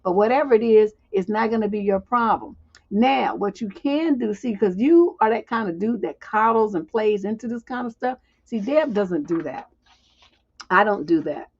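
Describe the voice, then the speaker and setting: A woman's voice: mid-range voice, lively intonation, normal speed, darkish tone. A woman hosting a livestream relationship advice show, giving blunt, profane advice with chatty, laughing asides. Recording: dull lo-fi stream audio.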